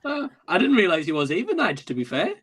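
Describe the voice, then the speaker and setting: A man's voice: high-pitched, wildly swooping pitch, fast talker, a bit bright, slightly rough. A man hosting a livestream, reading out viewer comments and laughing often. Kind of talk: casual livestream chat.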